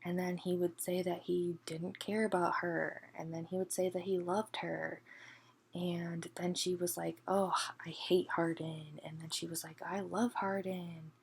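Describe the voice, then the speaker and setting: A woman ranting in a casual book review, exasperated, often hushed to a half-whisper and peppering her talk with "like". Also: on the low side, little pitch movement, normal speed, gravelly, slightly rough.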